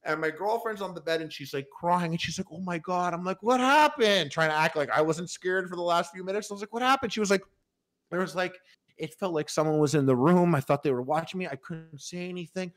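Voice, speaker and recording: A man's voice: fairly high pitch, fast. Rambling young man telling a story. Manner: rambling, lots of fillers and restarts. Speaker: podcast host. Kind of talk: casual storytelling.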